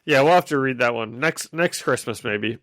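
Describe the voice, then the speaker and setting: A man co-hosting a podcast in casual chat, excitable and quick to laugh. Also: medium pitch, no echo. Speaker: podcast co-host.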